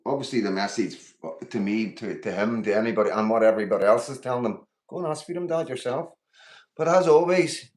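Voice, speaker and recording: A man's voice: lowish voice, darkish tone. A middle-aged man, livestreaming, a bit groggy, greeting viewers by name and bluntly calling out his critics. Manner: blunt and combative, calling people out. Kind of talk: casual livestream talk, reading out the chat. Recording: roomy echo.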